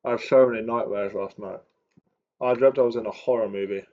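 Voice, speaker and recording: A man's voice: on the low side, fairly even intonation, brisk, darkish tone. A young man streaming his live trading, thinking aloud with muttered, chatty asides, in a dull lo-fi recording. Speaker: day trader streaming live.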